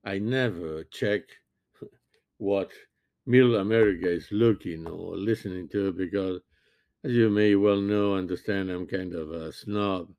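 A man in his sixties, a physician, giving a halting, earnest opinion monologue and often restarting his sentences. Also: low voice, no room sound, muffled recording. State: sleepy, yawning. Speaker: physician commentator.

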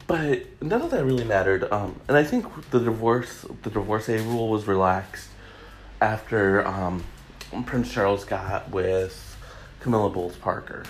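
A man hosts his own podcast, talking loosely and joking with plenty of ums and restarts. His voice sits on the low side. The chat is casual and wandering. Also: lively intonation, a little slow, slight background noise. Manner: rambling, chatty, jokey, many fillers. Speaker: podcast host.

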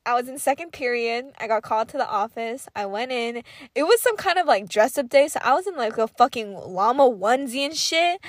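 Animated, profane young woman storyteller. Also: high-pitched, no room sound, clean studio sound. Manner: profane, laughs often, animated retelling. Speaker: podcast host. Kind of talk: casual storytelling monologue.

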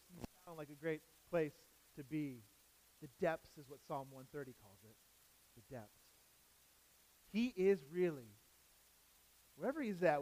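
A man preaching a sermon, repeating key phrases for emphasis and asking the congregation rhetorical questions, swinging between loud emphatic lines and soft low asides. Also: low-quality recording. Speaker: pastor.

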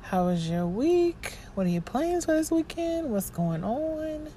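A woman hosting her own podcast as a personal voice diary, sounding exhausted and halting, often restarting and trailing off. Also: high voice, sing-song, mellow, a little hiss or hum. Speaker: podcast host.

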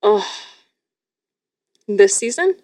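A woman's voice: medium pitch, sing-song, very slow, a little mellow, no echo. A young woman from Canada, a streamer guest, talking enthusiastically in casual podcast chat with lots of restarts. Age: young adult. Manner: enthusiastic, gushing with many restarts.

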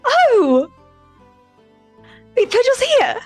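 A woman's voice: extremely high pitch, wildly swooping pitch, drawn-out words, soft background music. A woman playing at a tabletop game, speaking in character in a flustered, rambling and effusive way. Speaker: player.

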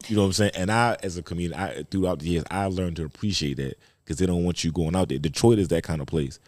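A man from Baltimore, a comedian guest telling stories in an animated, profane way on a casual podcast. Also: low-pitched, fast, no echo. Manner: animated storyteller, profane, slips into quoted voices.

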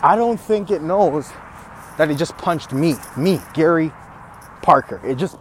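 A man with a high voice rants in a fired-up, trash-talking way, as if squaring up for a fight. He laughs between his lines. Faint noise sits behind him, recorded outdoors. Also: animated, measured pace. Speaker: podcast host. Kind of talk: fired-up motivational rant.

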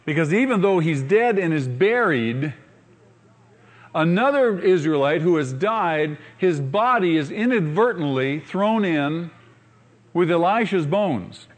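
A man preaching as pastor uses a slightly high voice at a measured pace. Through the sermon he performs the characters' voices with animation and asks the congregation rhetorical questions.

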